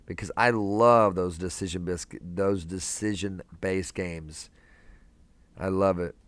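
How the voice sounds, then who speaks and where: A man's voice: sits low, fairly even intonation, slow pace, no echo. A young man hosting a casual live stream from a hospital room, chatting laid-back with viewers and calling them man and brother.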